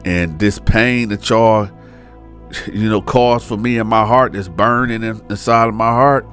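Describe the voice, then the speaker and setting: A man's voice: fairly low pitch, steady tone, a little slow, a bit bright, faint music behind. A man voicing a bitter, vengeful son who talks in a coarse, menacing, slangy way.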